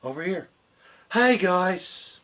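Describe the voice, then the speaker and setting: A man impersonating a giggling wrestling showman, unhinged, very high pitch, laughing through words. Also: animated, slow pace, fairly bright tone, exaggerated voice. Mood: giggly.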